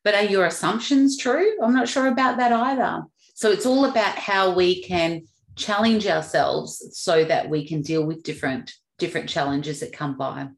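A woman's voice: fairly low pitch, normal speed, roomy sound. A woman hosting a self-help podcast, talking in a casual, chatty way and laughing now and then. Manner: chatty, laughs at her own stories. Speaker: podcast host.

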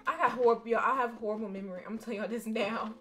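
Woman, young adult, slightly high voice, let's-play commentary, animated, exclamatory. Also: racing, soft background music. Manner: animated and exclamatory, reading game dialogue aloud. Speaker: gaming streamer.

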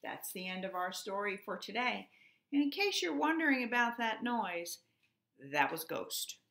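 A woman, a preschool teacher, reading a storybook aloud in a slow, expressive way. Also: mid-range voice, gravelly. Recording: echoey room.

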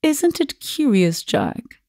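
A woman plays a meek, vague younger spinster sister in a storybook reading, hesitant and mild. The voice is slow, husky and mellow, recorded dry and close. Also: fairly high pitch, huge pitch swings, dry recording, voice pushed up, exaggerated voice.

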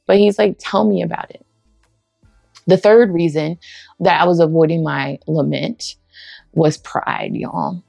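A woman preaches a personal testimony in a low, gravelly voice, warm and conversational, and now and then she acts out bits of dialogue. The recording is dry and close, and faint music plays softly underneath. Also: unhurried, no room sound. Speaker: women's ministry speaker.

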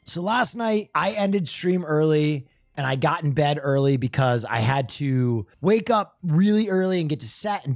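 A male streamer telling a story in casual chat, animated and profane, acting out sounds. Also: mid-range voice, dry recording.

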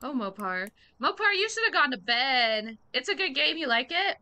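Woman game streamer, bright and slightly high voice, slangy chatter to chat, hums idly between remarks. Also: lively intonation, moderate pace. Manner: slangy, talks straight to chat. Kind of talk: casual live-stream chat.

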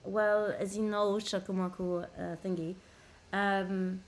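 A woman's voice: mid-range voice, level tone, slow, slight background noise. A woman livestreaming casually on a laptop mic, brash and profane, bickering with her chat. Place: indoors at a laptop.

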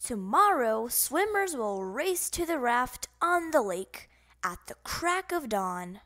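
Woman plays a stern male camp director making storybook announcements, slow, lively pitch. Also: exaggerated voice. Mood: commanding. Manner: announcing, commanding.

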